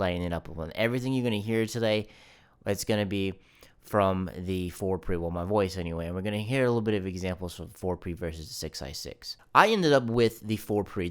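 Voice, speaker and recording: A man with a fairly low voice walks through his recording gear in a loose, chatty way, as if talking to a friend. His tone is smooth and clean, picked up by a studio microphone in his home studio. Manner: relaxed, explanatory, loose and conversational. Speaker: musician reviewing his audio gear. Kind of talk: casual gear review to camera. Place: home studio with a guitar amp. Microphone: studio microphone through an audio interface.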